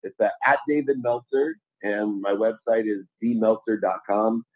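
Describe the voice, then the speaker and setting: A man's voice: fairly low pitch, fairly even intonation, normal speed, dry recording. A man guest on a podcast, talking earnestly and a bit preachily about service and humility. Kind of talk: motivational interview talk. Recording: tinny phone-like line.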